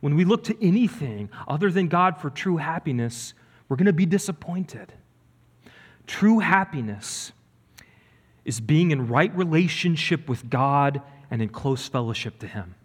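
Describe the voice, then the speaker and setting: A man's voice: fairly high pitch, animated, a little slow, breathy edge. A man preaching a sermon as pastor, earnest and emphatic, building and dropping his delivery. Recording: reverberant church hall.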